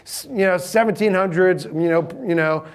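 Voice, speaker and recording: A man's voice: sits high, moderate pace, clean tone. A middle-aged man, giving a sermon in a conversational, humorous storytelling manner and asking the audience questions.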